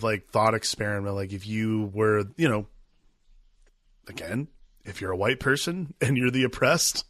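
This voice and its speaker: Bright-voiced man musing thoughtfully. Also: medium pitch, animated, normal speed, no echo, studio quality. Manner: thoughtful, meandering analysis. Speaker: podcast co-host. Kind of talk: casual film discussion.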